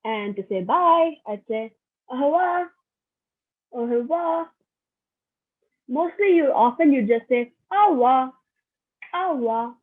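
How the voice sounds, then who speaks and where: A woman's voice: sits high, animated, unhurried, long pauses. A young woman giving a casual online French lesson, chatty and repeating each phrase for practice. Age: young adult. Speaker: French workshop teacher. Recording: thin phone-like audio.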